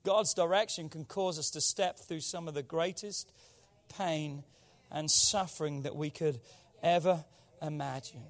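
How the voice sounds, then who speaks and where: A man preaching a sermon as pastor, with call-and-response that swings between loud exhortation and quiet intensity. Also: a little high, steady tone, a little slow.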